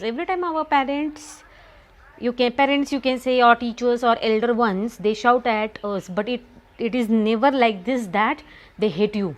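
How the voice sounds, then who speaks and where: A woman's voice: a little high, moderate pace. A middle-aged woman with a Marathi accent teaching an English lesson to children, often repeating herself and asking the class questions. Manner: repetitive, asks students questions often. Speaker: school teacher.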